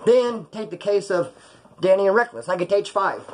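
Husky man telling prison stories. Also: sits high, brisk. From California. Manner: animated, profane, acts out quoted voices. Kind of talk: casual storytelling. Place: small hot room.

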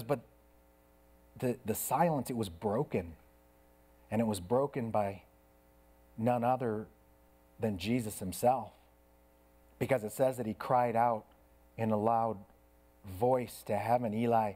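A man preaching a sermon as pastor in a church, earnest, swinging between hushed soft passages and raised intense ones. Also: medium pitch.

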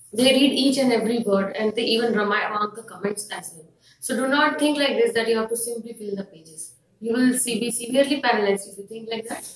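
A woman's voice: a little high, roomy sound, recorded from a distance, rough recording. A woman with an Indian English accent, explaining exam tips in a firm, instructive way, with frequent fillers. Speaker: IELTS teacher. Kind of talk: explanatory lesson to camera.

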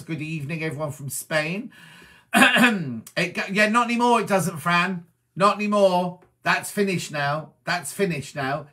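A middle-aged man from Wiltshire in England, chatting as a presenter as he reads out viewer messages and answers each one with quick asides. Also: on the high side, sharp tone. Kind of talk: casual chat reading viewer comments.

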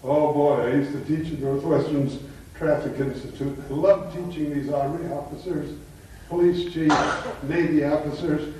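A man's voice: on the high side, steady tone, moderate pace, warm tone, slight background noise. Older male lecturer in an echoey hall. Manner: anecdotal, emphatic teaching. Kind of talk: lecture to a live audience. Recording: echoey hall, mic far off.

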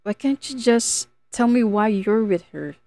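A woman's voice: fairly high pitch, animated, a little slow, warm tone, no echo, pitched above the performer's own voice. A woman voicing a hurt, angry teenage girl who pleads and accuses in a raised, strained voice. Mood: hurt, accusing.

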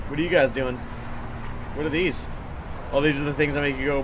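A man's voice: a little high, steady tone, a little fast, pauses often, background noise. A man giving casual, profane, joking commentary while playing a strange video game. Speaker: let's play host. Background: game music.

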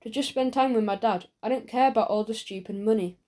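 A woman's voice: fairly high pitch, quick pace, warm tone, lightly acted. A woman reading an audiobook, voicing a lonely rich schoolboy who talks in an earnest, apologetic way.

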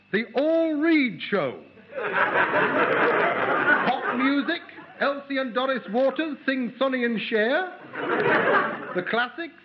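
A man's voice: extremely high pitch, lo-fi sound. A man playing a bumbling, servile radio producer in a 1960s comedy sketch, who says "sir" after everything and talks in broken grammar. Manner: ungrammatical, rambling. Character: bumbling eager middle-aged male radio producer. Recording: hissy old reel-to-reel radio tape.

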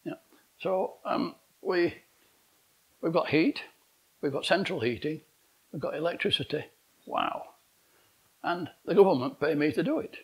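A man's voice: on the high side, unhurried, long pauses, rough recording. A man, giving a rambling conference talk full of exasperated rhetorical questions. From England. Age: 80s. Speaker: conference speaker. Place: conference hall.

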